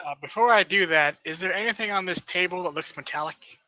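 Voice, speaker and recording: Male player, deliberate, higher and very bright, dry sound. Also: no room sound, rough recording. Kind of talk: tabletop game play.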